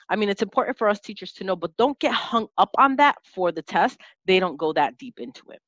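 A woman teaching a lesson, sounding out letters and syllables slowly and clearly as an instructor. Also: fairly low pitch, fairly bright tone, dry recording, muffled recording. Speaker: teacher and test-prep instructor.

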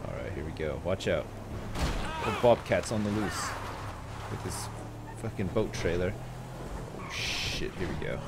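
A man streaming a video game, commenting live in an excitable, jokey way with plenty of swearing. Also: low voice, a little slow, creaky, pauses often, very noisy.

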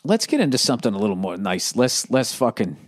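A man's voice: mid-range voice, sing-song, fast. Male comic host, solo monologue, swears freely, rambles, restarts often. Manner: profane, rambling, lots of fillers and restarts. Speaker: comedian podcast host.

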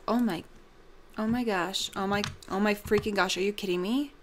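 A woman's voice: mid-range voice, normal speed, a little hiss or hum. A young woman hosting a casual gameplay commentary, bubbly and gushing, with lots of ums. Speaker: let's play host.

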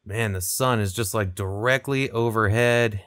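A young man giving casual, chatty commentary over his own gameplay, relaxed and laughing often. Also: on the low side, measured pace, dry recording, clean studio sound. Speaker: gaming video creator.

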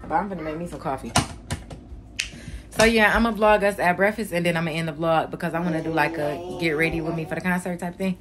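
A woman's voice: fairly low pitch, steady tone, fast, background noise. Chatty woman vlogging to her viewers. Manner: chatty, talks straight to viewers with "y'all". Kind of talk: casual vlog chat.

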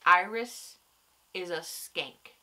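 Young woman vlogging, stuffy nose from crying, kinda tired, rambly and swears a lot, bright voice. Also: on the low side, drawn-out words. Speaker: vlogger reviewing a TV episode. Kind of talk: casual chat.

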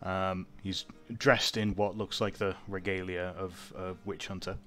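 A man's voice: low-pitched, a little slow. A young man as game master, narrating with lots of fillers and laughing with players. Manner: relaxed, laughing, hesitant fillers while narrating. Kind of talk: running a tabletop game.

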